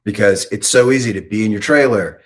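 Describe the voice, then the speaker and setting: A man interviewing an actress, talking in a measured, thoughtful way with pauses. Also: lowish voice. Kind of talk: conversational interview.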